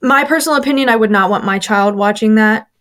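A woman's voice: fairly high pitch, quick pace, a bit bright. A woman, a former church member, candidly recounting her experiences in a casual interview, with chatty fillers and quoted voices.

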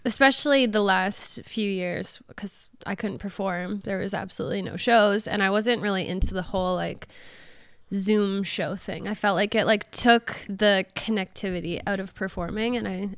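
A woman's voice: medium pitch, steady tone, normal speed, fairly bright tone, no room sound. Casual swearing woman singer, dry close sound. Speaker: singer and songwriter guest. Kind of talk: casual interview chat.

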